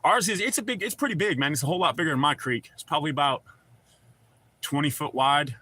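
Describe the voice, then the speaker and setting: A man's voice: fairly high pitch, fast, sharp tone, no echo. A middle-aged man with a Southern accent chats loosely on a livestream, rambling and reading out viewer comments with casual swearing. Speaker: livestream host.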